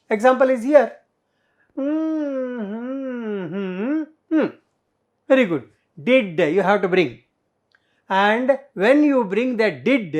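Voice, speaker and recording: A middle-aged woman teacher, explaining grammar in a classroom lesson, full of fillers and rhetorical questions. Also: fairly high pitch. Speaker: English teacher.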